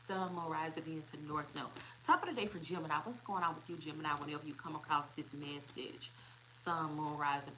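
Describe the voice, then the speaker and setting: Chatty tarot-reading woman, low voice. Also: background noise. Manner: chatty, repeats herself, laughs often. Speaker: tarot reader.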